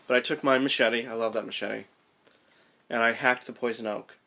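A man casually recounting a descent down a mine shaft, animated and restarting his sentences as he thinks aloud. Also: mid-range voice, normal speed, vocal fry. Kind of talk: casual storytelling chat.

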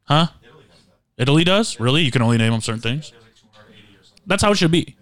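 A man's voice: fairly high pitch, animated, brisk, a bit bright. A man co-hosting a podcast, riffing and joking in casual comedic banter into a studio microphone. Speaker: podcast co-host. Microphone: dry studio microphone.

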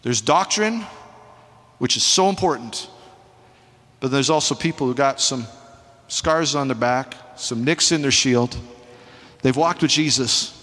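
A male pastor preaching a sermon in an animated, emphatic, conversational way, with asides to the congregation, in a church sanctuary. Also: mid-range voice, a little slow, pauses often, big-room sound.

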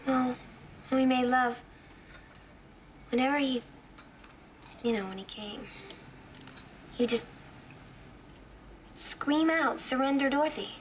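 A woman's voice: high voice, slow, long pauses, a little hiss or hum. Giggly, oddly confiding young woman. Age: young adult. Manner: chatty, confiding, breaks into giggles. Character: odd young woman on a date, telling a strange story about her marriage. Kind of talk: film dialogue.

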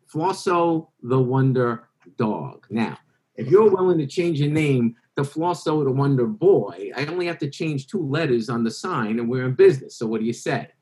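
A man voicing a fast-talking male carnival showman who is making a sales pitch. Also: animated, darkish tone, lightly acted. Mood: persuasive.

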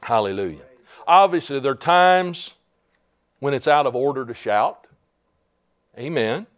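A man preaching a fervent sermon as pastor, building to shouts and calling out "Amen?" to the congregation. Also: medium pitch, animated, measured pace.

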